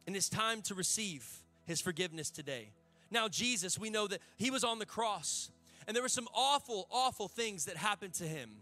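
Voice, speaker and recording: A man's voice: high-pitched, animated, moderate pace, bright, forceful tone, soft background music. A male pastor, preaching a sermon to a church congregation in a fervent, conversational way with folksy asides.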